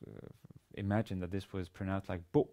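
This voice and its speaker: Man, lecturer, low pitch, warm tone, hesitant, many ums and restarts. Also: fairly even intonation. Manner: halting, with many fillers and restarts. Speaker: university lecturer. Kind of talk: recorded language lesson.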